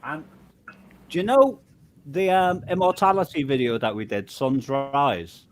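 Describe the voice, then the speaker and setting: A man's voice: a little high, a little slow, slight background noise. A man with an English accent leaning toward Scouse, chatting casually on a panel and rambling through explanations. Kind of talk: casual chat.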